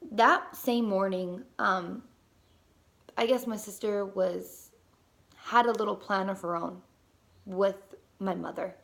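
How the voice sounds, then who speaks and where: Young woman telling a story, animated. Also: mid-range voice, takes it slowly, gravelly, pauses often. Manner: animated, fillers, swears casually. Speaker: mother telling a personal story. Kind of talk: casual storytelling vlog.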